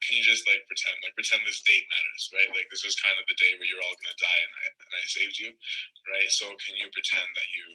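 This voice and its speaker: A man's voice: sits low, flat delivery, fast, sharp tone, low-quality recording. A man voicing God as a pleading, bargaining lover of his people, in a casual conversational way.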